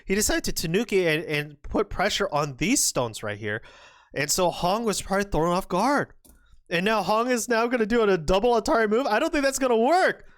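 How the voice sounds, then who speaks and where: A young woman giving excited commentary on a board game, gushing and exclaiming as she acts out the players' imagined thoughts. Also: medium pitch, moderate pace, dry recording, studio quality.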